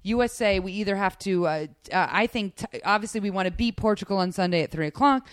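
Excitable woman telling a story. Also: mid-range voice, quick pace, no echo, clean studio sound. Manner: animated storyteller, excitable, lots of restarts. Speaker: comedian podcast host. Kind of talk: casual chat.

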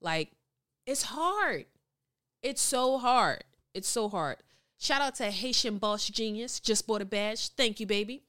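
Animated, bright-voiced woman chatting frankly. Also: a little high, takes it slowly. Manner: candid, slangy and laughing, with playful exaggeration. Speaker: podcast guest. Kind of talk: casual chat reading live comments. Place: studio.

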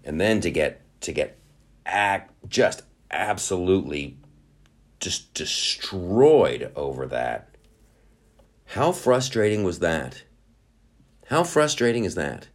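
A man giving a casual spoken monologue, animated and profane, who riffs in quick put-on voices. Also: low voice.

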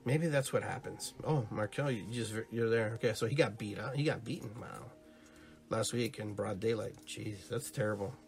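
A man hosting a spiritual podcast, talking casually and live to his listeners. He muses and rambles with many restarts and asides, and grows animated when he tells stories. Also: lowish voice, moderate pace, vocal fry. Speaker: podcast host on spiritual and holistic topics.

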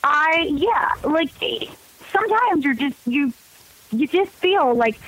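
A woman's voice: high-pitched, a little slow, rough recording. Outgoing chatty woman on the radio. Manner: outgoing, animated, chatty with many fillers. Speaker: guest. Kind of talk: casual interview.

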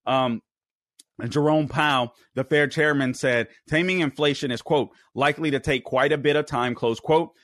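A man's voice: on the high side, steady tone, moderate pace, a bit bright, dry recording, studio quality. A man hosting a political talk show, delivering heated, emphatic commentary with many fillers and restarts.

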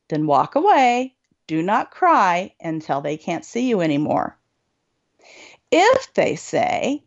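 A woman hosting a support group show, calmly coaching listeners on what to say to people. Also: mid-range voice, gravelly. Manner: slow, deliberate, coaching. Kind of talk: advice talk to listeners. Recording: dull lo-fi recording.

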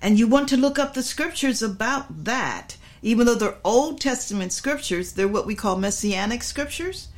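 A woman's voice: fairly high pitch, animated. Emphatic woman preaching a sermon. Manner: emphatic, repetitive, drawn-out stresses. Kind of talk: sermon teaching.

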